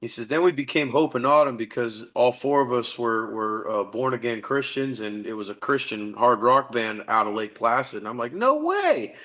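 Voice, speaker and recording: A middle-aged man spins a long, swearing-laced story as a podcast guest, slipping into the voices of the people he quotes. His tone is bright and forceful. The audio is dull and lo-fi. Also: medium pitch, steady tone, moderate pace, hardly any pauses. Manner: rambling, profane, acts out dialogue. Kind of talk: casual storytelling interview.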